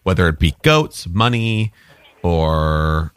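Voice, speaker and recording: A man on a podcast, explaining something haltingly in casual chat. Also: sits low, clean tone, no echo. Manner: halting explainer, laughs often.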